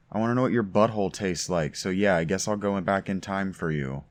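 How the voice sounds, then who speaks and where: A man's voice: deep voice, brisk, hardly any pauses. A man giving sarcastic, mocking commentary while playing a video game. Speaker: let's play commentator.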